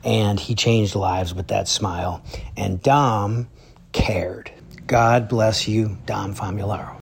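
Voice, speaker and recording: A man's voice: fairly low pitch, steady tone, takes it slowly, vocal fry, breathy edge. A man, a drummer and educator, telling heartfelt stories in a spoken tribute. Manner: earnest storytelling.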